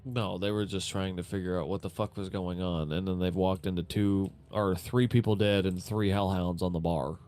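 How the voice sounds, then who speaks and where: Low-voiced man running a tabletop game. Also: steady tone, a little mellow. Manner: casual, halting with fillers. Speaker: game master.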